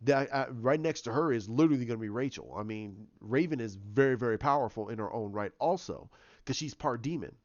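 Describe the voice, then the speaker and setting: Male reviewer, casual rambling delivery, mid pitch, dry slightly dull recording. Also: fairly quick, a little mellow, dry recording. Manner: rambling, with many restarts and fillers. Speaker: TV episode reviewer.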